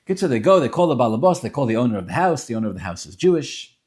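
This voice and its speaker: A man's voice: mid-range voice, very fast. A man tells a story in a loose, informal way and drops Yiddish and Hebrew words into his speech. His voice stays in a middle register but moves up and down a lot as he narrates. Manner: animated, sprinkled with Yiddish and Hebrew terms.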